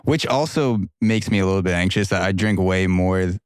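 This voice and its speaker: A man with a low, smooth and resonant voice talks casually on a podcast. His manner is conversational with a slightly anxious edge. The recording sounds dry and close. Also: brisk, no room sound.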